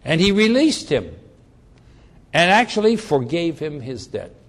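A male preacher delivering a sermon in a slightly high voice that swings widely in pitch. He tells his story animatedly and often restarts his phrases as he builds each point. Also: big pitch swings, measured pace.

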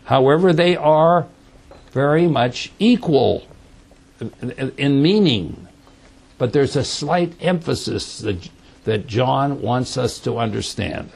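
A man teaching through a Bible passage, explaining slowly and repeating key words, often checking in with "okay?". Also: mid-range voice, animated, creaky, a little mellow, breathy edge. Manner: slow, repetitive explaining with frequent "okay?" checks.

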